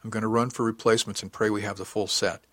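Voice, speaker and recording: A man voicing a calm, good-humored male ship engineering officer who gives brisk, practical orders with dry humor, in an audiobook reading. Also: on the low side, dry recording, close to an everyday voice.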